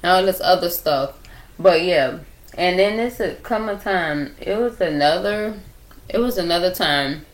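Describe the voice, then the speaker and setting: A woman's voice: fairly low pitch, unhurried. A young woman telling a rambling story to her viewers in a casual chat, repeating herself and talking straight to them, recorded on a laptop at home. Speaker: vlogger telling stories.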